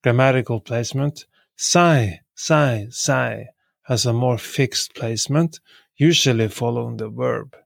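Slow, gravelly male language teacher. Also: mid-range voice, no echo. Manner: repeats each word three times; measured, with fillers. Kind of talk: slow repetitive lesson.

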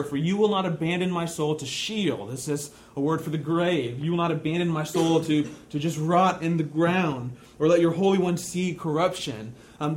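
A male pastor preaching a sermon, talking through scripture with slow, deliberate emphasis and repeating key phrases. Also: a little high.

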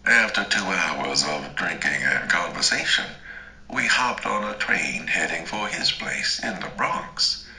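A man narrating a first-person story in a slow, dramatic, deliberate way. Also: sits low, sharp tone, roomy sound, low-quality recording. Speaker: audiobook narrator.

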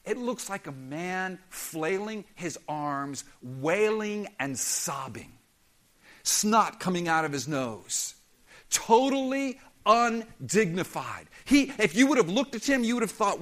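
Male pastor, high tenor, emphatic and impassioned sermon delivery. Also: very animated, takes it slowly, fairly bright tone. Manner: impassioned, emphatic preaching with dramatic quoted voices.

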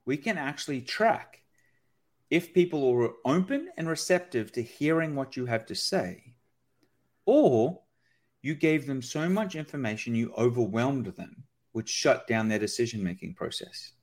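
Guy on a podcast explaining stuff fast and lively, keeps saying right?. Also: medium pitch. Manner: energetic explainer, often asks "right?". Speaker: guest expert on sales calls. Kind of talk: podcast conversation.

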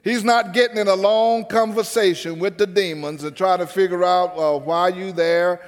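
A man with a high voice preaches a sermon in a rhythmic cadence, now and then calling on the congregation to answer back. His voice rings out with a long reverb around it. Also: steady tone, moderate pace.

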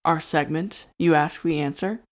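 A woman with a lowish voice co-hosts a casual podcast. She talks bluntly, swears freely and laughs through her stories. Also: normal speed, slight background noise. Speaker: podcast co-host. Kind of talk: casual chat.

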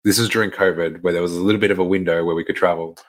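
A young man with a very deep, low voice talks straight to camera. His delivery is frank and conversational, with casual swearing and easy laughs between lines. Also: fairly even intonation, racing. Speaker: fitness coach sharing a personal story.

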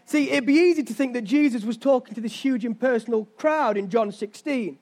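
With an extremely high pitch and a slightly mellow quality, a young pastor preaches at a fairly quick clip. He tells stories conversationally and asks his listeners rhetorical questions.

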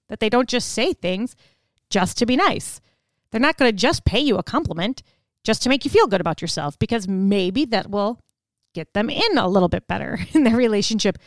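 A woman hosting a podcast, telling stories in an animated way and laughing often as she acts out other people's voices. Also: on the high side, brisk, no room sound. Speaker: podcast host. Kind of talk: storytelling monologue.

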